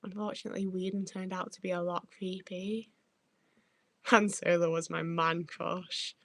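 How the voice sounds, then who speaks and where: A woman's voice: on the low side, flat delivery, normal speed, a bit bright, dry recording. Young woman, blunt livestream host, swears a lot, chatty, dry close sound. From Northern England. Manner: chatty, blunt, swears freely, jumps between topics. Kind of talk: casual livestream chat reading comments.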